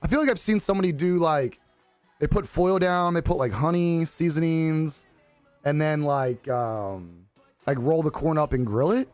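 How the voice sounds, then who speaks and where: A man's voice: on the high side, normal speed, a little mellow, no echo. A young man live streaming, chatting casually with his viewers, laughing often and swearing easily. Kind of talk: casual chat reading viewer comments. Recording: dry close sound with faint music behind.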